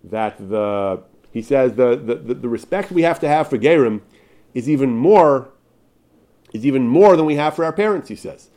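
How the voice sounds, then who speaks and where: A man giving a Torah class, reading out passages and then explaining them. His pitch swings widely, rising sharply on key points. He stumbles and restarts often but keeps an emphatic, driving delivery. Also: animated, normal speed, mellow. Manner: emphatic, with many restarts and repeated words. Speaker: Torah teacher.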